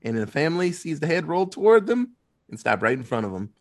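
Guy recapping a movie, kinda high voice, swears a lot, animated and chatty. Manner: animated, swearing, quick asides. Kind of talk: casual chat retelling a movie plot.

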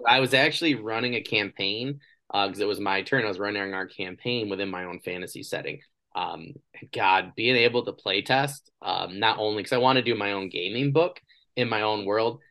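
A man in his thirties hosting an interview podcast, chatting casually and acting out the people in his stories. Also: lowish voice. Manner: animated storyteller, acts out quoted people. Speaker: podcast host.

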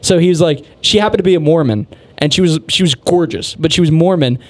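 A man's voice: a little high, fast talker. A man hosting a casual podcast chat, telling long rambling stories and laughing often.

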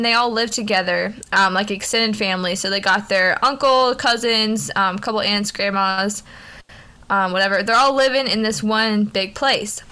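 A woman's voice: medium pitch, sharp tone, smooth. A woman co-hosting a podcast, laid-back and giggly as she chats and tells a story. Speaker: podcast co-host. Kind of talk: casual chat and storytelling.

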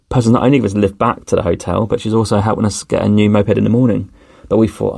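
Man, low voice, casual rambling travel story, dry recording. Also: steady tone, fast talker, vocal fry, few pauses, darkish tone, dry recording. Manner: rambling, with many fillers and restarts. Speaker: podcast host.

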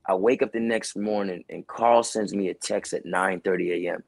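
A man with a New York accent, a podcast guest and actor, telling a story casually and acting out the dialogue with lively, shifting voices. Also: low-pitched, normal speed, gravelly. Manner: animated, acts out quoted dialogue in shifting voices.

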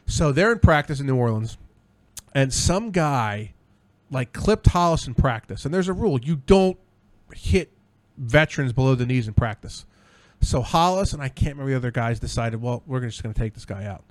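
A tipsy man hosting a podcast. He tells rambling, excitable stories and swears freely. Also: medium pitch, moderate pace, dry recording. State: tipsy from drinks. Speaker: podcast host. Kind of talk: casual podcast chat.

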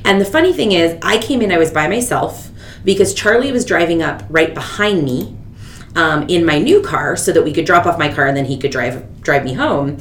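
A woman in her thirties hosting a podcast, telling a story in casual chat and acting out the people she quotes. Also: normal speed. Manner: animated, quotes people with big pitch jumps. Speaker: podcast host. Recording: echoey room with faint rumble.

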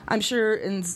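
A woman's voice: mid-range voice, slight background noise. A woman in her thirties talking casually to her viewers on a vlog, rambling and hesitant, with lots of fillers and restarts. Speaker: vlogger.

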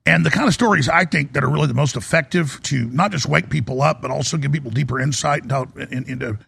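A man's voice: on the high side, fast, a bit bright, slight background noise. A man hosting a live broadcast from a studio, delivering a rambling monologue with restarts and sudden emphatic rises. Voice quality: gravelly and husky. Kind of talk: monologue commentary.

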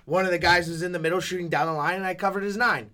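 Brief: a man with a somewhat high voice, joking co-host. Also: fairly even intonation, rapid-fire, sharp tone. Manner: joking, sarcastic. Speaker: podcast co-host. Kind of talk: casual chat.

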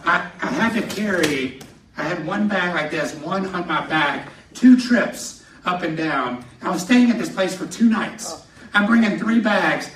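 Bright-voiced male pastor in echoey hall. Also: high voice, unhurried. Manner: animated, laughing through stories. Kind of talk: sermon with personal storytelling. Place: church sanctuary, speaking from a podium. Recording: echoey hall, somewhat distant.

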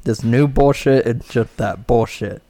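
A man's voice: medium pitch, a little slow, mellow. Laid-back man in casual banter. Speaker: podcast co-host. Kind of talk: casual chat.

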